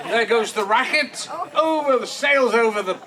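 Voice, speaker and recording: A man's voice: extremely high pitch, normal speed, bright, forceful tone, some chatter behind. A man giving a eulogy at an outdoor park memorial, telling comic anecdotes and chuckling often as he talks. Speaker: speaker at a memorial service. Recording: distant mic with clear background noise.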